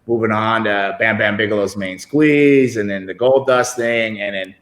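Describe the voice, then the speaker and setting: A man's voice: fairly low pitch, steady tone, normal speed, fairly bright tone. A middle-aged man spinning loose, meandering anecdotes, often breaking into laughter as he goes. He speaks over a computer video call, and his voice carries a roomy echo. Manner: rambling, laughs while telling stories. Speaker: guest wrestler. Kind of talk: casual interview storytelling.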